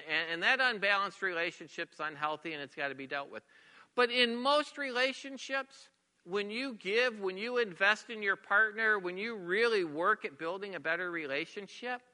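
Middle-aged male pastor, sermon delivery, very bright tone, earnest with repeated phrases. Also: sits high, long reverb tail. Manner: earnest, repeats words, drops to a near whisper for emphasis.

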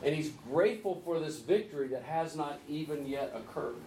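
A man's voice: a little high, normal speed, warm tone. Man teaching a Bible study, echoey room. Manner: conversational, teasing, asks the group questions. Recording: echoey room, distant mic, faint hiss.

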